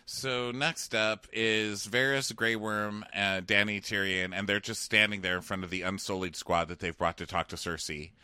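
A man co-hosting a casual recap show, jokey and quick to mimic characters in a high voice. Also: fairly even intonation, pushed and bright, smooth, dry recording. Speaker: podcast co-host.

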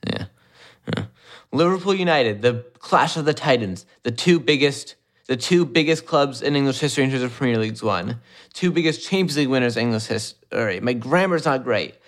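A man's voice: medium pitch, animated, fairly quick. Young man, podcast co-host, blunt opinions, casual football chat.

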